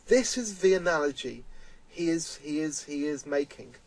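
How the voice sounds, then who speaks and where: A man's voice: on the high side, lively intonation, normal speed, poor audio. A man giving earnest, emphatic spoken commentary, repeating his points as he explains. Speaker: vlogger.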